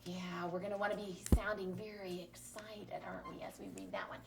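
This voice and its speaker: Woman, teacher, phonics lesson, patient, encouraging, gravelly voice, distant mic. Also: medium pitch, flat delivery, fairly quick. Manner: patient, encouraging, clearly modeling sounds. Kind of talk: small-group phonics lesson. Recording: distant mic with faint noise.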